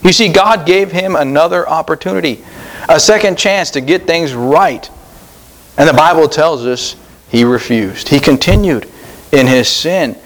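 A man's voice: fairly high pitch, a little slow. A man preaching an earnest sermon at a church service, rising for emphasis and repeating his phrases. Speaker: pastor.

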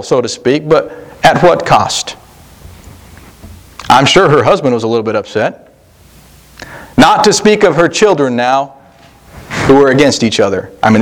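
Man preaching a folksy sermon. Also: mid-range voice. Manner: folksy, conversational preaching with emphatic slow stresses. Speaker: pastor.

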